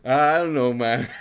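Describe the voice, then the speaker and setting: A man's voice: on the high side, fairly bright tone, smooth. A man hosting a casual crypto livestream who rambles, repeats his words, swears and laughs a lot, from Greece. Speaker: crypto stream host.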